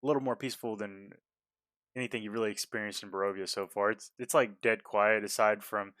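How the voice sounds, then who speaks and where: Smooth-voiced man as game master. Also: on the low side, fairly even intonation, fairly bright tone, dry recording. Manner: halting, full of fillers and restarts. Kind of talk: narrating a tabletop game.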